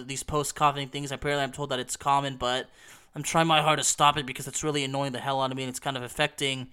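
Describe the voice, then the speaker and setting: A hoarse man talks casually into the mic, his voice bright and smooth beneath the roughness. He rambles with many "you know" fillers as he hosts his show. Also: fairly high pitch. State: hoarse and coughing while recovering. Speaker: podcast host. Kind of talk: casual solo talk about video games.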